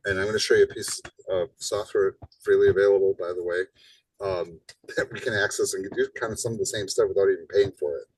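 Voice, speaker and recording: Low husky-voiced male instructor. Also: fast talker, distant mic, poor audio. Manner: casual, rhetorical "right?" tags, animated emphasis. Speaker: college instructor. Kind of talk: live classroom lecture. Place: classroom.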